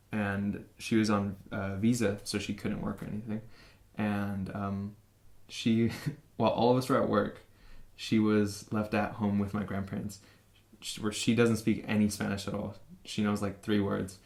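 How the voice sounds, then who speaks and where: A man's voice: on the low side, echoey room. A young man from San Francisco answers interview questions casually, with many fillers and restarts. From San Francisco, USA. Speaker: interview guest.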